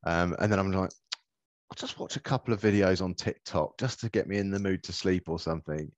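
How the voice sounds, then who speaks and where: A man's voice: low-pitched, a little fast, dry recording, lo-fi sound. A man co-hosting a podcast in casual chat, laid-back, blunt and dry in his remarks. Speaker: podcast co-host.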